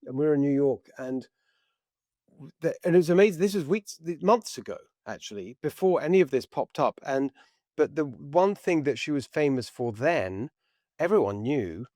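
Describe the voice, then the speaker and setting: A man's voice: fairly high pitch, expressive, moderate pace, warm tone, dry recording, studio quality. A man hosting a political talk show, chatting in a rambling storytelling way with frequent restarts.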